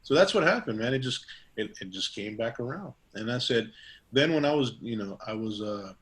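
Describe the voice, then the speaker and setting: A man's voice: medium pitch, expressive, a little fast, fairly bright tone. A middle-aged man, a barber, telling stories in a casual interview, rambling with many fillers and restarts and acting out quoted dialogue. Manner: acts out quoted dialogue in a raised voice. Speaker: guest barber.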